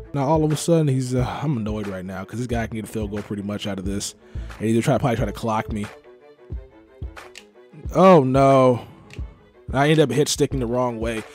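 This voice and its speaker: A young gaming YouTuber from Texas commentating his own football video game match, sliding between low muttering and frustrated outbursts. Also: expressive, fairly quick, soft background music. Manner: swings from muttering to frustrated yelling. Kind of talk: live gameplay commentary.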